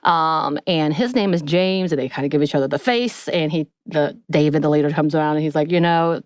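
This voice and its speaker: A woman co-hosting a podcast, casually recapping a TV episode in a chatty, animated way. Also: low voice, a little fast, no echo. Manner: chatty, animated retelling with acted-out quotes. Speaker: podcast co-host.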